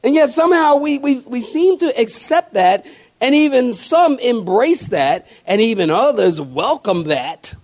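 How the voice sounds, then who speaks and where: A preacher man with a noticeably high voice delivers a sermon to his congregation. He talks in a folksy, conversational way, slowing down hard on scripture and then rattling off quick joking asides. He keeps checking in with the room through call-and-response. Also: very animated, a little mellow. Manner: shifts between slow emphatic scripture lines and quick joking asides. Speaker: pastor.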